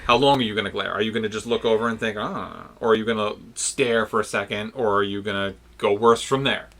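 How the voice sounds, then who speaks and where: A man co-hosting a podcast in a relaxed, conversational way, with a bright, forceful tone. His voice sits slightly low, and he works through his points as he talks. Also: fast. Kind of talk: casual discussion.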